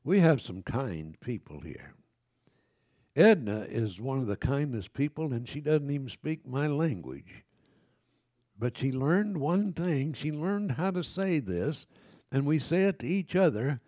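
An older man preaches a sermon, reading scripture and then talking straight to his congregation. His voice swings widely in pitch and has a mellow, darker tone. The sound is dry and close. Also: unhurried, no room sound. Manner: lively preaching, reads scripture aloud, frequent self-corrections; conversational asides to the congregation.

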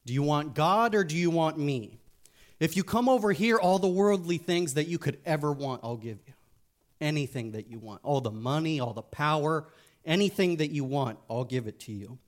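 A man's voice: fairly high pitch, animated, a little fast, natural voice. A man voicing a menacing male devil who tempts a man in a sermon story. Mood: tempting.

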